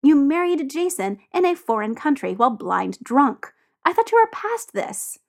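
A woman's voice: sits high, sing-song, normal speed, pitched above the performer's own voice. A woman reading aloud and voicing a grumpy, resentful young man who talks curtly. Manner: curt, sullen.

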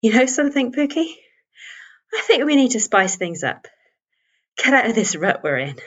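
A bubbly, talkative young boyfriend with a lively, swinging voice, played by a woman reading a story. The recording sounds a little dull and lo-fi. He never quite stops chatting. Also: a little high, normal speed. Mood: chatty eager. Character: cheerful, chatty young man, eager boyfriend. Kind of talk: audiobook character voice.

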